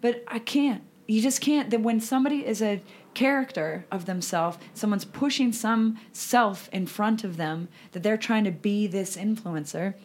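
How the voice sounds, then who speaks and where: A woman talking bluntly in a casual chat, quick to swear and laugh. Her voice sits at a middle pitch. She sounds frank and unfiltered. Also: a little mellow.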